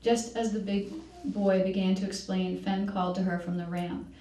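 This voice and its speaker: A woman reading her novel aloud at a public library event. She reads at a measured pace and now and then corrects herself. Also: medium pitch, fairly even intonation, dark tone. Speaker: author reading. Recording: echoey room, distant mic.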